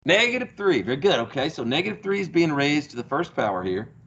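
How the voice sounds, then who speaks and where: Lively math teacher quizzing his class. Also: on the high side, fast talker, gravelly, muffled recording. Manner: asks the class questions and praises answers. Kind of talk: classroom lecture. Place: classroom, heard through a small speaker.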